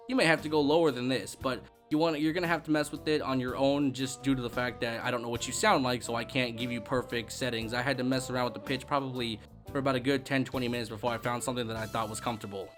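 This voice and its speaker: Brief: casual young male tutorial host, profane and self-mocking, bassy desk mic, faint music underneath. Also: a bit bright. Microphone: desk microphone with bass-boosting EQ.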